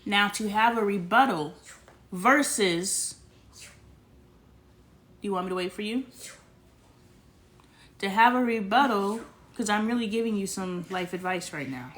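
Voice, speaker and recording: A woman's voice: mid-range voice, measured pace, pauses often, fairly bright tone, a little hiss or hum. A young woman hosting a casual family livestream, talking bluntly in a lecturing tone and swearing freely. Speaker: livestream host.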